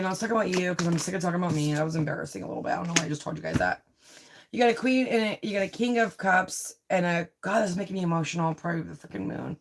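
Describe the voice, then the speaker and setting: A woman giving a live tarot reading, chatty and confiding, often checking in with "right?" and "you know". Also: on the low side. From Italian heritage. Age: adult with a child. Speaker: tarot reader.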